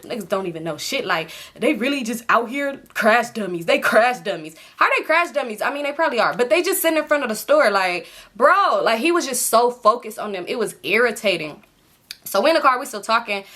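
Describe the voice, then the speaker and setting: A young woman tells a long storytime to her viewers in loose, slangy chat. She talks fast and bright, and her fairly high voice leaps higher whenever she mimics someone. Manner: animated retelling, acts out quotes with pitch jumps; heavy slang and filler, fast rambling. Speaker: storytime vlogger. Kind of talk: casual storytelling.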